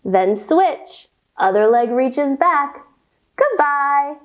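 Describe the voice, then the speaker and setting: A woman's voice: sits high, very animated, takes it slowly. A woman guiding a children's yoga class in a playful, sing-song, coaxing way. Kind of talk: guided kids' yoga class.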